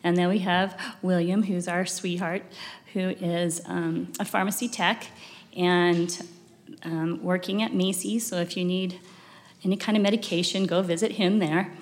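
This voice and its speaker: A woman's voice: fairly low pitch, steady tone, a little slow. Emotional middle-aged woman speaking in a chapel. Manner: rambling, emotional, with many fillers. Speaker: church speaker. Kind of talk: sacrament meeting talk. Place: church chapel. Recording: long reverb of a chapel hall.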